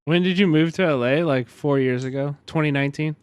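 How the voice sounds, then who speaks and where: A man with a Kansas City accent, commenting casually and profanely on a video during a live stream, given to excitable bursts of mock outrage. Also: a little high, a little fast, a little hiss or hum. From Kansas City, USA.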